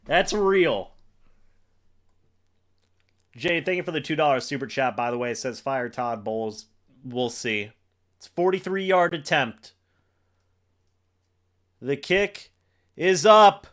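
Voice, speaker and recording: A man hosting a live football reaction stream for his chat, excitable and swinging between loud disbelief and deflated muttering. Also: fairly high pitch, slow, long pauses. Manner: talks to chat. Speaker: fan livestream host. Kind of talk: live game reaction commentary.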